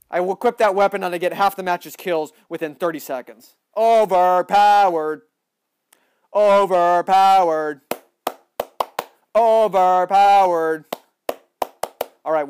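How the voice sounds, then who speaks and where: Excitable high-voiced male game streamer. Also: fast, no echo. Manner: excitable, bursts into loud yelling; boastful, repeats phrases. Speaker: gaming livestreamer. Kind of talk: live gameplay commentary.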